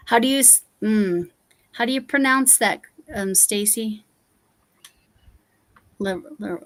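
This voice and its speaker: A woman's voice: medium pitch, slow, long pauses. A woman from Colorado hosting a casual crafting livestream, rambling with many restarts and fillers. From Colorado, USA. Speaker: livestream host. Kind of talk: casual chat while crafting.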